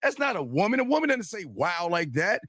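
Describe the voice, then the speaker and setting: High-voiced guy hosting, blunt and fed up, dry close mic. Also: big pitch swings, fast talker, fairly bright tone, no echo. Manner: blunt, exasperated, repeats questions. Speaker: host. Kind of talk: casual chat.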